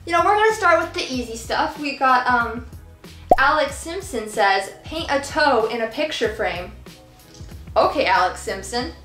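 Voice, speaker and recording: Young female vlogger, rambling giggly chatter, slightly high voice, roomy echo. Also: lively intonation, normal speed. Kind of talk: casual chat while painting. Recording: echoey room with soft background music.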